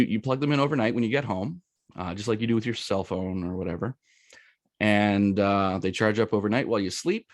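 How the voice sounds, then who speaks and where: A man's voice: lowish voice, no echo, studio quality. A middle-aged man with a Canadian accent giving a casual presentation, chatty and storytelling, with many fillers and asides.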